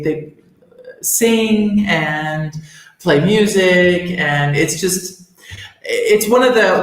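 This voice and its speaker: Woman co-host, unhurried and rambling, heavy room echo. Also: on the low side. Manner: rambling, many restarts and fillers. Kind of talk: casual chat. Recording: very echoey room.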